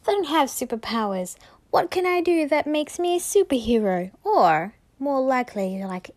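A woman's voice: high-pitched, very animated, moderate pace, darkish tone. A woman hosting a casual solo podcast, telling a story in a chatty, enthusiastic way. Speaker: podcast host.

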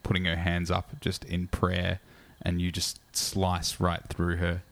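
A man's voice: sits low, completely flat delivery, measured pace, vocal fry. A young man narrating as game master, casual, with many fillers.

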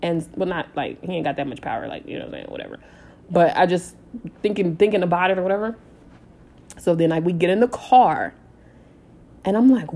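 A woman in her thirties telling a personal story in a casual, animated way, blunt and swearing freely. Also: fairly low pitch, a little fast, long pauses. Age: 30s. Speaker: storytime vlogger.

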